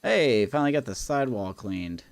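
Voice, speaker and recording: A man hosting a livestream, chatting casually and telling a story in an animated way with lots of laughs. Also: mid-range voice, moderate pace, no room sound. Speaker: livestream host. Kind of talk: casual chat on a gaming stream.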